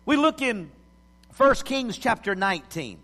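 A man, preaching a sermon as pastor in a church, swinging from loud calls to hushed lines. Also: very high voice, sing-song, a little slow. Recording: long hall reverb.

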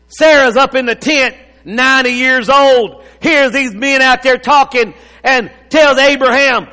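A preacher delivers a sermon in an unhurried, folksy way, breaking into laughter and teasing asides. His voice sits very high and bright, and it rings out with a long reverb, as in a large sanctuary. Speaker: pastor.

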